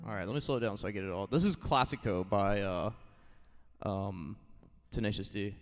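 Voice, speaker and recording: A man's voice: on the low side, moderate pace, big-room sound, faint music behind. A man in his thirties chatting casually and rambling on a live stream, thanking his viewers and often saying "like" and "you know.". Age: 30s.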